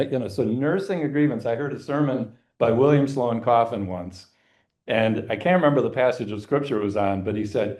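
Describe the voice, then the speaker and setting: A man leads an adult forum class in a church, speaking at a medium pitch. He talks conversationally but with emphasis, often checking in with "right?" as he goes. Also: dark tone. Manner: conversational, emphatic, asks rhetorical questions. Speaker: forum teacher. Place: church meeting room.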